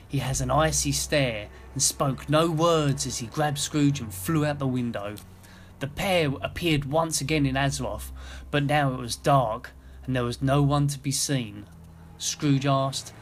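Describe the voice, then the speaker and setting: Male narrator, storybook reading, higher-pitched, lively. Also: a little hiss or hum. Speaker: video narrator and channel host.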